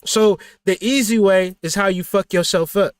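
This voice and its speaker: A man's voice: high-pitched, normal speed, clean tone, dry recording, studio quality. A man hosting a motivational livestream talk, blunt and profane, preaching with rhetorical questions. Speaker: spiritual teacher and channel host.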